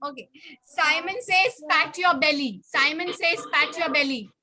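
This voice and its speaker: A woman teacher leading a children's class over a video call, coaxing and brisk as she calls on pupils by name. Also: high-pitched, bright, forceful tone.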